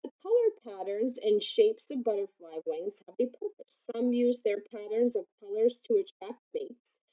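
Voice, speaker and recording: Lady reading a kids' book out loud, stops to explain stuff, kinda muffled lo-fi sound. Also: mid-range voice, lively intonation, moderate pace. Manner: gentle, explains things to young listeners. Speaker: picture book reader. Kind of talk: children's book read-aloud with asides.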